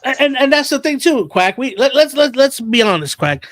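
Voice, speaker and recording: A man's voice: very high-pitched, big pitch swings, normal speed, fairly bright tone, no room sound, clean studio sound. A man hosting a casual podcast, who rambles and repeats words as he starts his thoughts. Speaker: podcast host.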